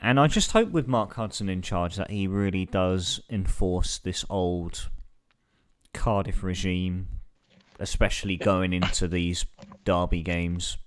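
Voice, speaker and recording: A man's voice: sits low, unhurried, clean tone. A man co-hosting a football podcast, chatty and wry, talking as an earnest fan. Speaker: podcast co-host. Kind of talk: casual football chat.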